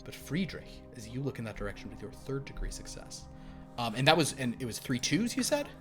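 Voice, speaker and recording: A man narrating a horror tabletop game as game master, halting with fillers and dropping to hushed asides. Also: mid-range voice, very animated. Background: background music.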